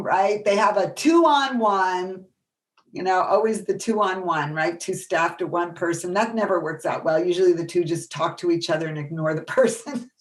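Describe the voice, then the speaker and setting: A middle-aged woman presenting a workshop, telling animated stories and acting out the voices of people she quotes. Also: on the low side. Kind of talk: storytelling lecture.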